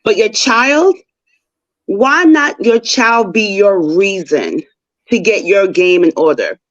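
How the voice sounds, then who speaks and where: Woman caller, slow and lively, rhetorical, muffled audio. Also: medium pitch. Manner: questioning, rhetorical. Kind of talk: opinionated casual debate. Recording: dull lo-fi online audio.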